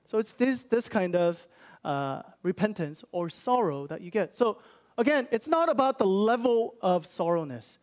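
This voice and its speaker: A man's voice: high voice, lively intonation, normal speed, darkish tone. A young man preaching a sermon in an earnest, conversational way, acting out people's inner thoughts as he explains. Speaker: pastor.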